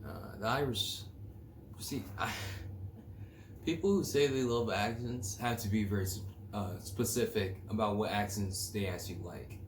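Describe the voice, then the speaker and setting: A man hosts a casual solo podcast from a home room early in the morning, rambling crudely, joking, and reading definitions aloud. His pitch is fairly low and his pace unhurried, and the echoey room carries faint ambient noise.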